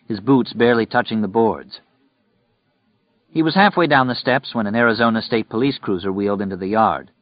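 A dry, dull lo-fi recording captures an audiobook narrator, a man with a low voice, telling a grim tale. His scripted storytelling stays steady and measured throughout.

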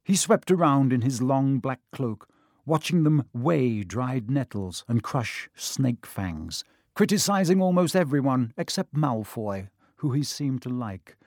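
A man's voice: mid-range voice, expressive, a little slow, a little mellow, no echo. Man narrating a storybook, dry sound. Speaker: audiobook narrator. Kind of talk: scripted narration.

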